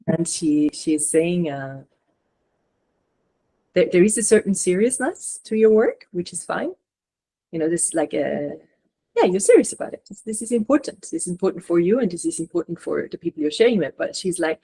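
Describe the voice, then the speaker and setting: A woman channeler giving a reading, gently relaying messages with reassuring, filler-filled speech. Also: on the low side, expressive, fairly quick. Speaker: spiritual channeler and regression therapist.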